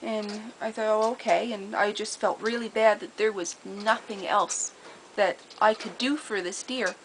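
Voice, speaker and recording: A woman telling a personal story in a casual, earnest way, detailed and steady, with small repeated restarts. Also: medium pitch, slight background noise, poor audio. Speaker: storyteller sharing a personal memory.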